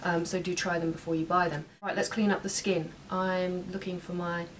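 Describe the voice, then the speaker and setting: A woman's voice: on the low side, level tone, moderate pace. A young woman chatting casually through a makeup tutorial at home, making small asides as she works. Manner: chatty, talks while working, some asides. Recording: slightly distant mic, faint room noise.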